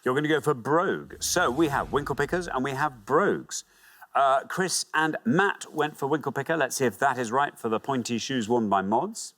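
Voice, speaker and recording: A man hosting a TV quiz show, reading clues crisply and announcing scores. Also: medium pitch, moderate pace. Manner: lively, reads clues crisply. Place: TV studio.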